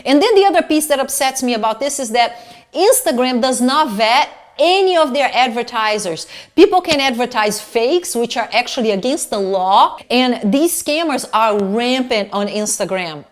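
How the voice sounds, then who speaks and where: A woman in middle age with a slightly high voice, talking straight to her viewers from home. Her delivery is animated and indignant, loose and sweary, in a casual vlog rant. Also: moderate pace. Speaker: fashion vlogger.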